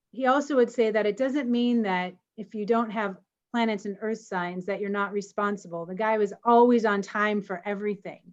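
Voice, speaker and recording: A woman co-hosting an online meeting, telling a personal story in an animated way and laughing as she goes. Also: on the high side. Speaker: co-host of an online community meeting. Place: home, on a video call. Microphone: video call. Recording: slightly dull video call audio.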